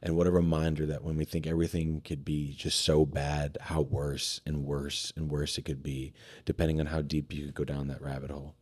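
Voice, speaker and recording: A man's voice: a bass voice, level tone, a little fast, darkish tone. A man talking as a podcast guest, candidly telling a personal story in a casual conversation, swearing freely and with many fillers and restarts.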